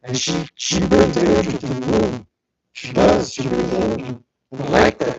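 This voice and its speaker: Pausing often, a man with a mid-range voice, lively intonation, moderate pace, and vocal fry makes impassioned remarks over a loud crowd. He's an applicant from South Texas speaking earnestly and emotionally at a city council meeting, captured in a muffled recording with background noise.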